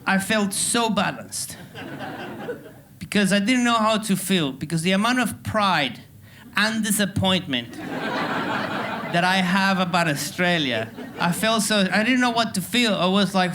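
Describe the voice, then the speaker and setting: A man's voice: high voice, expressive, unhurried, background noise. A man from Venezuela with a Venezuelan Spanish accent, hosting a stand-up comedy show and hyping a live crowd with playful energy. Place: theatre stage before a live audience.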